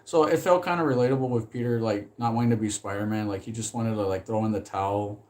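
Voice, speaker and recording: Rambling, excitable male streamer. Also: on the low side, fast talker. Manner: rambling, heavy use of "like", swears when excited. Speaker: streamer reviewing films. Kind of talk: casual live-stream chat.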